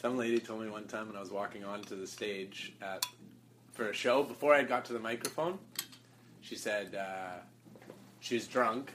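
A man who is a guest comedian, chatting casually and telling stories in a laid-back, soft-spoken way in a hotel room. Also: lowish voice, normal speed, a little hiss or hum. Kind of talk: casual chat.

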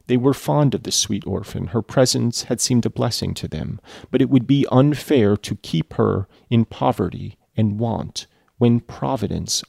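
Gravelly low-voiced man reading with sarcastic asides. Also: a little mellow, dry recording, clean studio sound. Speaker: reader and commentator. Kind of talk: reading a novel aloud with commentary.

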